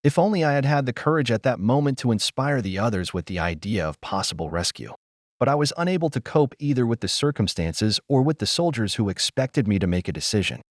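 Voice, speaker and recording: A man narrating a first-person war memoir in a grave, measured storytelling manner. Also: medium pitch, dry recording, studio quality.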